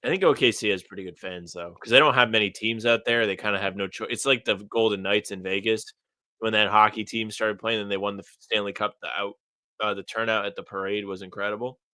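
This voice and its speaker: A young man co-hosting a casual sports podcast, joking and animated in banter. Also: lowish voice, brisk, no room sound. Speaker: podcast co-host.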